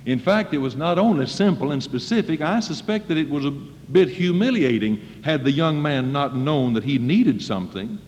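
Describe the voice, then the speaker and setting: A man preaching a sermon to students in a folksy manner, acting out quoted voices and rising to loud emphasis. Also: on the high side, animated, normal speed, hardly any pauses, a little hiss or hum. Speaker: preacher at a school chapel. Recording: dull old recording in a reverberant hall.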